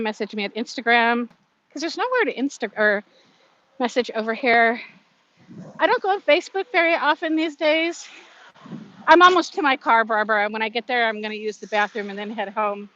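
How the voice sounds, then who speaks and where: A woman's voice: fairly high pitch, fairly bright tone, highs cut off. A woman in her fifties chatting casually on a live stream from her phone while she walks outdoors, reading out viewer comments and laughing often. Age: 50s. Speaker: vlogger. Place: outdoors, walking to her car.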